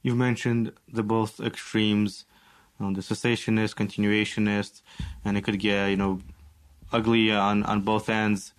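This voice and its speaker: A podcast host asks his guest long, searching questions, phrasing them loosely as he goes. He speaks a little low for a man. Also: flat delivery, unhurried. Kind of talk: interview questions.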